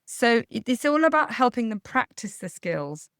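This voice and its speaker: Calm woman giving parenting advice. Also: on the high side, no room sound, clean studio sound. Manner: calm, measured, explanatory. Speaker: parenting coach. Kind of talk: podcast advice talk.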